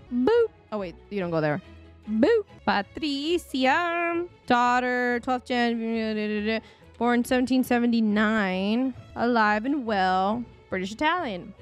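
A woman in her thirties chatting casually to viewers as a gaming streamer, rambling and talking to chat as she plays. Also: fairly high pitch. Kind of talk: casual gameplay commentary. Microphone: desk microphone.

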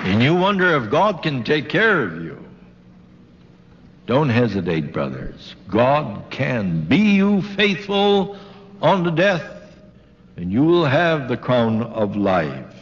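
A man's voice: mid-range voice, huge pitch swings, takes it slowly, some chatter behind. An older man giving a sermon to a congregation, retelling a story with dramatic quoted voices. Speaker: preacher giving a talk. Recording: old lo-fi recording in a large reverberant hall.

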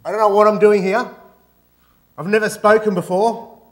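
A man's voice: high-pitched, level tone, moderate pace. A man from Australia with an Australian accent, giving a playful, joking talk to an audience as guest speaker. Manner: playful, joking, sings out greetings. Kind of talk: lively stage talk with jokes. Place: campus auditorium.

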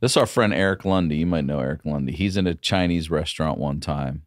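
A man from Baltimore, a comedian guest on a podcast, who tells stories in a lively way and acts out the people in them. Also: extremely low pitch, quick pace, no echo, studio quality. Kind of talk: casual comedic storytelling.

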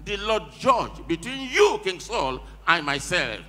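A man's voice: high-pitched, big pitch swings, a little slow, a bit bright. A man preaching a sermon, emphatically retelling each verse in plain words and urging the reader to go on, in a church with long echoes. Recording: echoey hall with long reverb.

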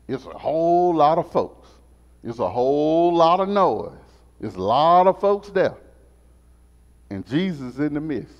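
A man teaching a Sunday school lesson as a sermon, animated and repetitive in a call-and-response style. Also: on the high side. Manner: animated, call-and-response preaching, repeats phrases. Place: church sanctuary. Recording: muffled sound in a reverberant church.

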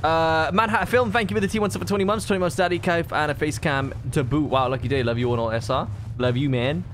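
A man's voice: on the high side, fairly even intonation, fast, a bit bright, slight background noise. A man streaming a horror game, chatting with friends and thanking subscribers. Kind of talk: casual game stream chat.

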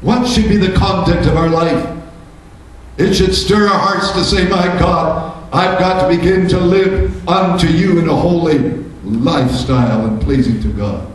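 A man's voice: high voice, measured pace, a little hiss or hum. A male pastor preaching a sermon, asking rhetorical questions and building to fervent emphasis. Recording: echoey church room, mic from a distance.

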